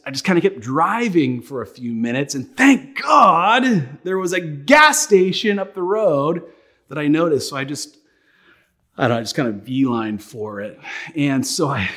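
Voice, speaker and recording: A male pastor preaching a sermon, telling a personal story in an animated way, often repeating words as he goes. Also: fairly high pitch.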